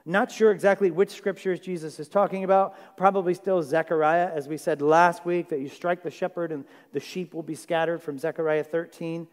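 A man's voice: fairly high pitch, steady tone, moderate pace, few pauses. A male pastor preaching a sermon in a chatty, conversational way, checking in with his listeners. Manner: conversational, asks the audience questions. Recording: long hall reverb.

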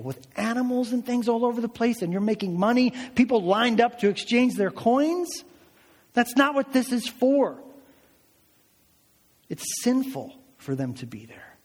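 A man preaching a sermon, telling the story in a conversational, animated way and asking many rhetorical questions. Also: very high voice, measured pace, long reverb tail. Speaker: pastor.

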